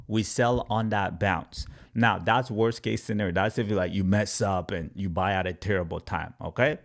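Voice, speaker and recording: A man talking through crypto price charts in casual market commentary, energetic and repetitive, now and then acting out panicking traders. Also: on the low side. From Canada. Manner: energetic, repeats points, acts out panicking traders. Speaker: crypto YouTuber.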